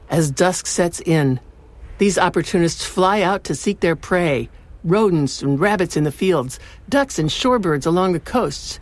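A woman hosting a short radio nature segment, reading a script in a measured, informative way. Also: on the low side.

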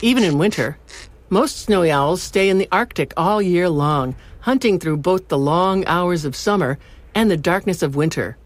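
A woman hosting a short radio nature segment, reading a script in a measured, informative way. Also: on the low side.

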